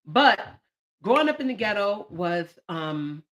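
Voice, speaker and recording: A woman's voice: mid-range voice, sing-song, unhurried, a bit bright. A young adult woman hosting a live stream, reading her poems with playful, chatty asides to her viewers. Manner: playful, talks back to herself, swings from joking to tearful. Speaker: poet and channel host.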